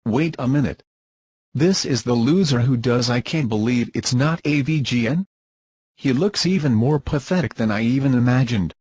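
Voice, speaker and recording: A man reads scornful, dismissive commentary written in formal wording, as a scripted insult piece from a commentator who is being rebutted. His voice is medium-pitched, darkish and husky, at a normal speed.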